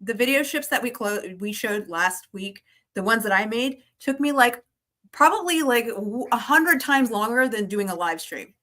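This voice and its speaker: A woman co-hosting a casual livestream, rambling and swearing, quick to mock herself. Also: a little high, animated, sharp tone. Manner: rambling, swearing, self-mocking. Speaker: livestream co-host.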